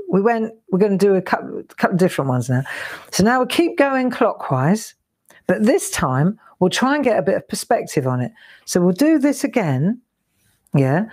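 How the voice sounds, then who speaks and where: A craft tutor with a medium-pitched, darkish voice runs a live demonstration from her home craft studio. She chats as she draws, counting strokes aloud.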